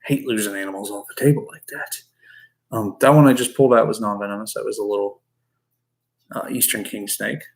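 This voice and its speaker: A man's voice: on the low side, fairly even intonation, a little fast, creaky. A man who keeps reptiles, chatting casually to his live-stream viewers and to his snakes as he works. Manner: chatty, talks to the animals and chat.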